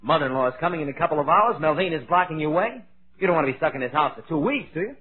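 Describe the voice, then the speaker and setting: Actor as a fast-talking, bouncy ghost fellow on a tinny old radio show. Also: male voice, a little high, expressive, a crowd in the background, natural voice. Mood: coaxing. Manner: coaxing, eager, stammering. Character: cheerful scheming male ghost. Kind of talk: 1940s radio comedy acting.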